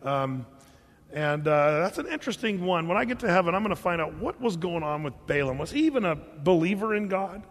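A man preaching a sermon in a casual, storytelling manner, full of small restarts and filler words. His voice sits a little high for a man. The sound carries the long reverb of a large hall. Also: lively intonation, a little fast. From California. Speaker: pastor.

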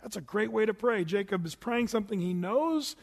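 A middle-aged male pastor with a fairly high voice delivers an animated, storytelling sermon. His words ring out in a large church hall with a long reverb tail. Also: brisk, gravelly.

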